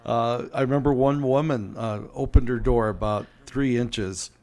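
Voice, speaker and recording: An American man, a guest author on a podcast, telling personal stories in a lively, self-deprecating way. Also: mid-range voice, moderate pace. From United States. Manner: animated anecdotes, self-deprecating humor. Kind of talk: conversational storytelling.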